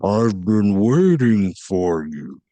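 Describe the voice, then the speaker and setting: A man voicing a huge, menacing giant man in a deep voice with a slow, looming delivery. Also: big pitch swings, warm tone, no echo.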